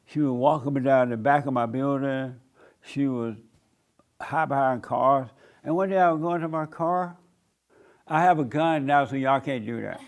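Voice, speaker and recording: A pastor and show host telling a story in a casual, colloquial way, laughing often and snapping out punchy retorts. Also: male voice, medium pitch.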